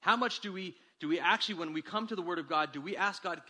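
A man preaching a sermon as pastor, with animated delivery that climbs for emphasis and drops low and quiet. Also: fast talker, few pauses.

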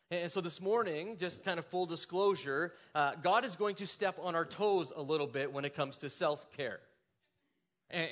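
A man with a fairly high voice preaches a sermon from the pulpit. He talks in a conversational way and slips into dramatic voices when he quotes scripture. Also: a bit bright. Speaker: pastor.

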